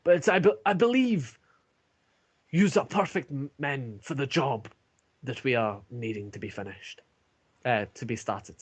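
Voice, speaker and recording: A man voicing a stern male dwarf commander who gives booming, drawn-out orders. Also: lively intonation, husky. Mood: commanding. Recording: lo-fi online call.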